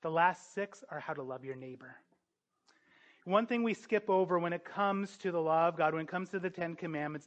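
A man preaching a sermon, earnest and emphatic, building to forceful peaks. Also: fairly high pitch, lo-fi sound.

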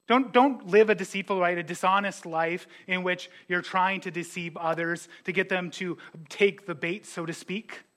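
A man preaching as a pastor, animated, with joking asides and quick impressions of his congregants. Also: high voice. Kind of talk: sermon.

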